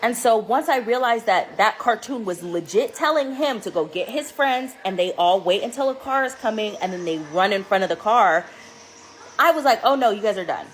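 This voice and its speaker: Mom telling a wild story, animated, kinda disbelieving, faint hiss behind. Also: female voice, on the high side, moderate pace. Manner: animated, incredulous, quoting her child. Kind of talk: casual storytelling to camera.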